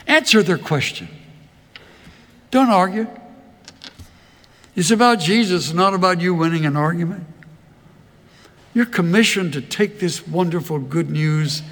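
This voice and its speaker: Older guy preaching slow and folksy, gravelly voice, long echo of a big church hall. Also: a little high. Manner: folksy storytelling, slow and drawling. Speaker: pastor. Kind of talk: sermon.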